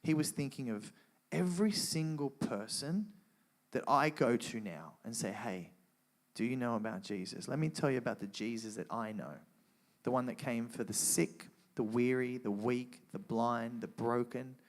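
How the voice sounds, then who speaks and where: A man telling an emotional personal testimony to a live audience, earnest and animated, with frequent restarts. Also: mid-range voice, normal speed. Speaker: guest speaker sharing testimony.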